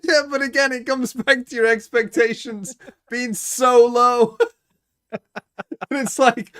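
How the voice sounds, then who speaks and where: A man's voice: extremely high pitch, fairly even intonation, slow pace, a bit bright, smooth. A man co-hosting an esports watch party, teasing his co-host with sarcastic, profane banter and laughter. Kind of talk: casual chat.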